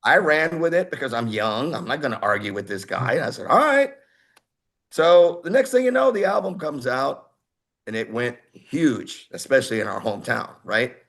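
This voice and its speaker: A man in his sixties from Houston, a heavy metal singer telling stories as an interview guest in an animated way, acting out other people's voices. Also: mid-range voice, moderate pace, creaky. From Houston, Texas. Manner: animated, acts out quoted voices. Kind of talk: casual interview storytelling.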